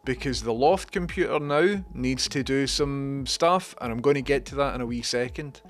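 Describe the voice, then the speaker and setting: A man's voice: medium pitch, normal speed, faint music behind. A man, talking casually on his own livestream, sarcastic, swearing and wandering off on tangents. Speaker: livestream host. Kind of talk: rambling livestream chat.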